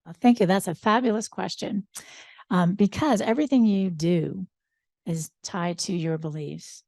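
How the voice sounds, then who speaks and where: An older woman speaks upbeat on a seminar panel, with frequent ums. Her voice has a gravelly, creaky edge. The sound is dry and close. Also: fairly low pitch, a little slow, dark tone, no echo. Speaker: social psychologist, educator.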